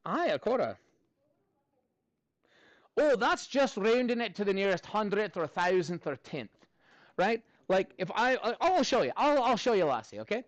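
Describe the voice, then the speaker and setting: A male math teacher with a strikingly high voice leads his class in an upbeat, chatty, animated manner at normal speed, tossing in jokey asides between lesson steps. The recording is close, dry, and muffled, with no room sound.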